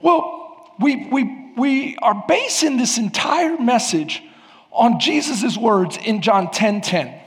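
A man preaching a sermon as pastor of a church, with emphatic rises and sudden shouts. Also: very high-pitched, lively intonation, slow, long reverb tail. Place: church sanctuary.

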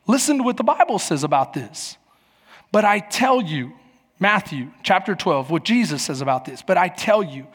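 A middle-aged man preaches from the pulpit with a fairly high voice. His words ring out in a hall with a long reverb. He tells lively stories and acts out each voice in them. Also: slightly rough. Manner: animated storytelling, acting out voices. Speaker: pastor. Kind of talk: sermon.

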